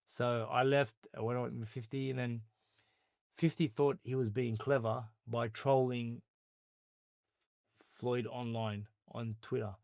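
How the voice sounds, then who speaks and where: An Australian man, a guest on an interview podcast, telling a story in a lively conversational way and acting out what other people said. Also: medium pitch, a little slow, vocal fry, long pauses, dry recording, clean studio sound. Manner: animated retelling, acting out others' words in quotes.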